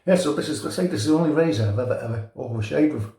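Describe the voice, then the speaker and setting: A middle-aged man with a Liverpool accent talks in a chatty, jokey way, telling stories between chuckles. His voice is mellow and dark in tone. It echoes off the hard walls of what sounds like a bathroom. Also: medium pitch, racing, creaky. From North West England. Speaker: shaving channel host. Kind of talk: casual chat while shaving. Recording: echoey room.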